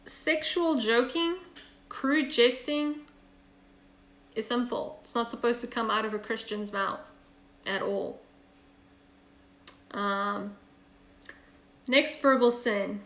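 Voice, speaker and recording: A woman's voice: a little high, a bit bright, reverberant. A woman leading a Bible study over a video call, chatty and earnest, with many fillers and restarts. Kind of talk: casual online Bible study teaching.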